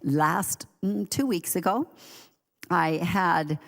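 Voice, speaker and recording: A woman with a notably low voice preaching to her congregation in a chatty, storytelling way, slipping into friendly asides and little laughs. Her voice rings out with the long reverb of a big church hall. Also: slow, vocal fry. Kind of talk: conversational sermon. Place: church sanctuary.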